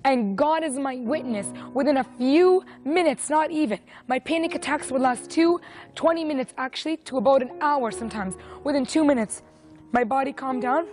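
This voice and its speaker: A woman's voice: high-pitched, normal speed, darkish tone. A woman in her twenties giving an earnest, emotional personal faith testimony. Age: 20s. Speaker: testimony speaker.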